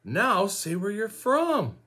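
A man from Saskatchewan, Canada, teaching a language lesson in a slow, encouraging way, repeating each word for learners to say along. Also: sits high, huge pitch swings, pushed and bright, breathy edge.

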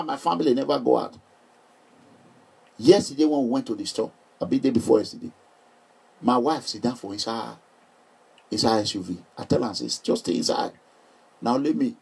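A man's voice: medium pitch, gravelly, breathy edge. A middle-aged Nigerian man chatting casually and joking with his viewers. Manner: animated, joking, laughs often. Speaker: vlogger. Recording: voice distant from the mic.

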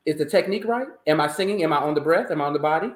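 Animated man in a roomy, echoey space. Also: on the high side, very fast. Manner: animated storyteller, emphatic. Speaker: countertenor singer, interview guest. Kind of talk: conversational interview. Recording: roomy echo.

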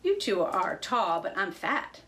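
A woman's voice: medium pitch, sing-song, a little slow, fairly bright tone. Fable hippo, fat and bragging, read by a woman. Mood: boastful. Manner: boastful, snorting.

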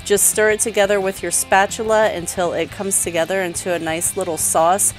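A woman in her thirties gives a recipe voice-over at a middle pitch. She explains each step in a relaxed, practical way. Faint music sits behind her. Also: moderate pace. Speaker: cooking channel host.

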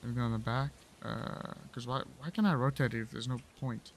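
A man's voice: medium pitch, fairly even intonation, brisk, noisy background. A man giving crude, profane and joking commentary as he plays through a horror game, talking to himself with silly mocking asides. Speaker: gaming channel host.

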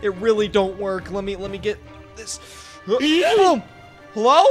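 A young man giving excited gameplay commentary, jumpy and yelping and shouting in panic. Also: high voice, a little slow. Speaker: gaming YouTuber. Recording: music playing behind the voice.

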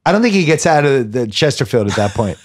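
A man co-hosting a casual movie podcast, animated and quick to act out quotes. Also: mid-range voice, breathy edge. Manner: animated, acts out quotes, swears freely. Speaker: podcast co-host.

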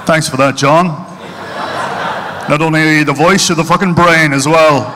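A middle-aged Irish comedian telling punchy, mocking stories on stage. His voice sits a bit high and sounds bright and sharp, with a long hall reverb around it. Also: steady tone, moderate pace, pauses often. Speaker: stand-up comedian. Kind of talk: live stand-up comedy. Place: stage at a charity event hall.

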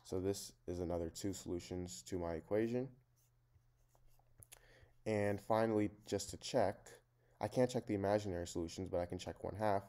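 A man with a low voice explains a math problem one step at a time. His tone is mellow and unhurried, and his delivery is plain and methodical, like a tutor talking through a worked example at his desk. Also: steady tone.

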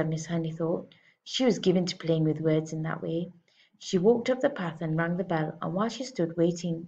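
A woman's voice: on the low side, lo-fi sound. Woman teacher reading a storybook aloud. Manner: clear, expressive narration.

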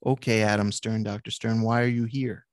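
A man's voice: fairly low pitch, flat delivery, dry recording, natural voice. A man reading the lines of a blunt, crude patient in his sixties, staying close to his own voice. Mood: irritated. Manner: blunt and crude, quick to snap.

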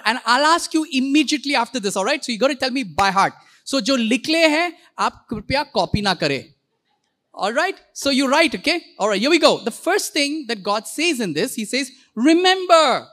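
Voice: high voice, a bit bright. A pastor preaching a sermon in a church, playful and interactive, calling on the congregation to repeat words back. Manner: playful, quick asides and jokes.

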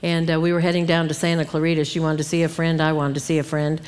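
This middle-aged conference speaker's voice is low-pitched, quick, flat in delivery and a little mellow, with a clean tone. She delivers an earnest Bible teaching talk in a church hall full of long reverb, playing out grumbling asides as she goes.

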